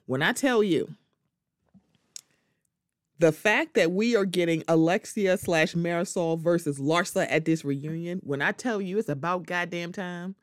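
A sassy woman talks through a solo podcast in a lowish voice, her pitch jumping up when she acts out other people. She sounds close to the mic in a dry, dead room. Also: unhurried, no echo. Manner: animated, sassy, slips into quoted voices. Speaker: podcast host. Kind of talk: casual solo commentary.

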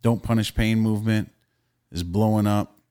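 A man's voice: on the low side, steady tone, moderate pace, warm tone, clean tone. A man co-hosting a casual podcast, talking in a loose, opinionated and profane way. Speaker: podcast co-host.

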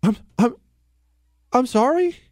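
A man's voice: very high-pitched, animated, takes it slowly, darkish tone. A man hosting a talk radio show, ranting sarcastically and slipping into mocking impressions. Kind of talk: opinionated talk radio monologue. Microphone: studio microphone.

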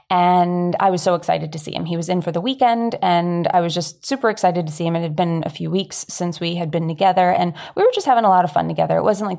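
A woman's voice: on the low side, vocal fry, darkish tone. A woman, telling a personal story in a candid, chatty, self-deprecating way as a talk host.

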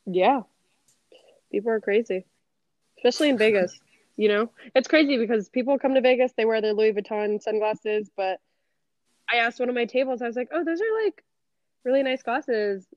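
A woman's voice: fairly high pitch, brisk, pauses often, dry recording. A woman talking as a podcast guest, chatty and casual, full of "like" and quoted asides. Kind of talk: casual interview chat. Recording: dull, dry recording.

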